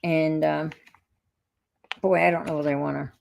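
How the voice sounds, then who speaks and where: A woman's voice: low-pitched, little pitch movement, moderate pace, gravelly, a little mellow, slight background noise. A woman hosting a casual live chat while crafting, rambling as she goes and greeting viewers by name. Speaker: craft livestream host.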